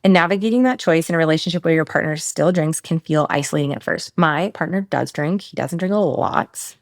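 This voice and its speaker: This woman hosts her podcast alone and races through it, frank and salty, with offhand asides. Her voice sits on the lower side for a woman. The close mic sounds dry, with the room adding almost nothing. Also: dry recording. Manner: fast, blunt, swears freely, animated asides. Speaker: podcast host, nutrition coach. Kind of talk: casual solo podcast Q&A.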